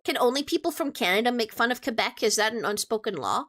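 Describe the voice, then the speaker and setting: A woman's voice: a little high, animated, fast talker, a bit bright. A young woman streamer chatting casually with her viewers, playful and teasing as she answers questions.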